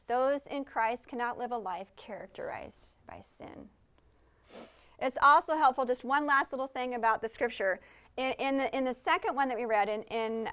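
A woman's voice: high-pitched, a bit bright. A woman preaching a conversational sermon in a church service, earnest and chatty, often asking the congregation questions.

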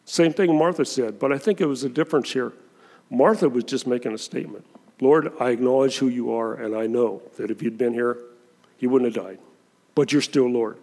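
A pastor preaches a sermon in an easy, conversational manner, leaning dramatically into the verses he quotes. His gravelly, mid-pitched voice is brisk and darkish, carrying the long reverb of a church hall.

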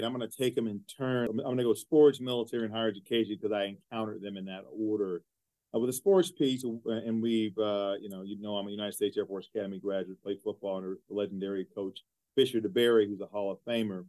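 A man's voice: lowish voice, a little mellow. A man being interviewed as a guest who gives earnest, discursive answers full of fillers and repeated words. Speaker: guest, university executive.

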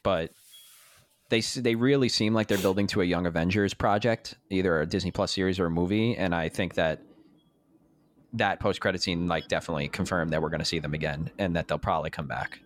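A man's voice: low-pitched, steady tone, fairly quick. A man co-hosting a casual podcast chat about a TV episode, enthusiastic and checking his notes. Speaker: podcast co-host.

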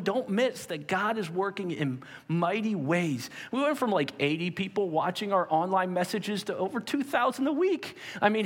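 A male pastor delivering a sermon and prayer, swinging between loud urging and quiet emphasis. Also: sits high, big-room sound.

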